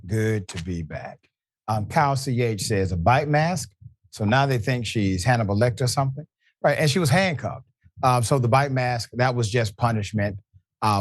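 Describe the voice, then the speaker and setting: A man's voice: on the low side, no room sound, studio quality. A man hosting a live show, reading viewer comments and giving pointed, conversational commentary. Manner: pointed, conversational, addresses people directly.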